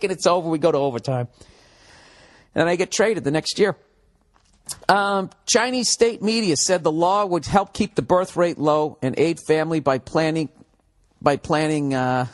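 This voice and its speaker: A man hosts his own comedy podcast, reading out news items and tearing into them with profane asides. He rambles, stumbles over words and bursts into mock shouting for laughs. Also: on the high side. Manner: profane, riffing, shouting bits in put-on voices. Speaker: podcast host. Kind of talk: solo comedy podcast rant.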